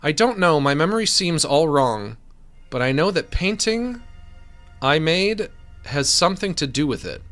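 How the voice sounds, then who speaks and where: A man's voice: on the high side, big pitch swings, unhurried, fairly bright tone, soft background music. A man voicing an anxious, paranoid male painter in a video game, talking in a jittery, pleading way. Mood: frantic.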